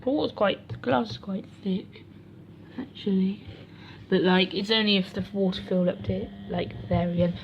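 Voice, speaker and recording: A woman's voice: medium pitch, steady tone, normal speed, vocal fry, a little hiss or hum. A woman vlogging casually at home beside a washing machine, rambling and correcting herself as she goes. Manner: rambling, self-correcting, chatty asides. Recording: dull lo-fi home recording.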